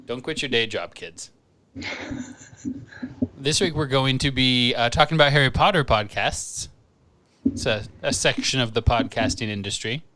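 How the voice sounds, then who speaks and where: A young man co-hosting a podcast, bantering casually in a deadpan, self-mocking way. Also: mid-range voice, moderate pace, long pauses, a little hiss or hum. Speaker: podcast co-host. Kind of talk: joking casual chat.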